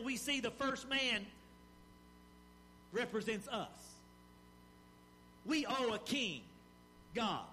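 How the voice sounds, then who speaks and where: A man preaching a sermon in an animated style, with rising emphasis and pauses. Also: very high-pitched, a little hiss or hum. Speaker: pastor.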